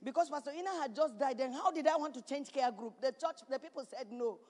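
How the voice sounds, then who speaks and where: A woman pastor preaching a sermon in a church, building to shouts and repeating her points. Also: sits high, quick pace. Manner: preaching with rising shouts and repetition. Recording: reverberant church hall.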